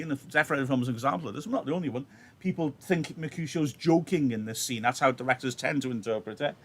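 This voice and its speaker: A man's voice: mid-range voice, fast talker. A man with a Welsh accent, a teacher talking through a play in a conversational way and often checking in with the listener. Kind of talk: live reading with analysis.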